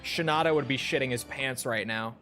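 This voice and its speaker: A man's voice: medium pitch, brisk, sharp tone. Joking, foul-mouthed young streamer man. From Minnesota. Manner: loose, joking, swears freely. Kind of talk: casual gameplay stream chat. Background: game music.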